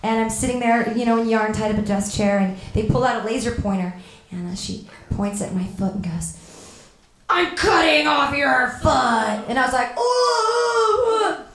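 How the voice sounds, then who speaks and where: A woman performing a stand-up comedy set, deadpan with sudden loud outbursts. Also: mid-range voice, brisk, reverberant.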